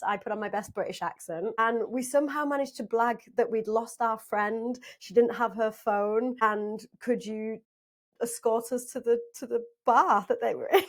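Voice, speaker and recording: A woman in her thirties from South Africa, a podcast guest telling travel stories in a lively way, laughing often and acting out what people said. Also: a little high. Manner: lively storyteller, laughs often, acts out quotes. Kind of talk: casual interview chat.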